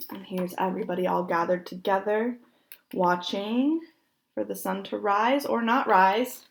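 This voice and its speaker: A young woman reading a picture book aloud, gentle and expressive, pausing to point at the pictures. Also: medium pitch, vocal fry, slight background noise. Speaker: storybook reader.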